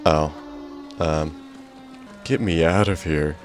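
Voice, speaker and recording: Very deep-voiced joking gamer man. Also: slow, soft background music. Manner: jokey, sarcastic asides. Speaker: gaming YouTuber. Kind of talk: let's play commentary.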